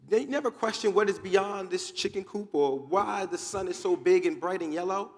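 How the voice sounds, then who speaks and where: A man from New Jersey delivers a motivational keynote with dramatic storytelling and emphatic repetition. His voice sits slightly high for a man. The sound carries with a long reverb from a large conference hall. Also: expressive, moderate pace, few pauses, darkish tone. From Newark, New Jersey, USA. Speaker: motivational speaker.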